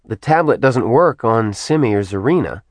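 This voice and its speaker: A man's voice: medium pitch, animated, normal speed, no echo, natural voice. A man voicing a determined young woman who briefs her team. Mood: brisk.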